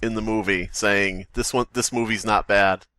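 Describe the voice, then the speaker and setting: A man's voice: on the low side, fairly even intonation, normal speed, pushed and bright, smooth, dry recording. A man co-hosting a casual podcast, reading entries aloud with laughing asides. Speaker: podcast co-host.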